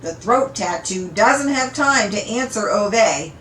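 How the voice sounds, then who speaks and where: A woman reading a novel aloud in an unhurried, amused storytelling manner, in an echoey room. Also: mid-range voice, expressive, a bit bright, slight background noise. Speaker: audiobook reader. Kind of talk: read-aloud story narration.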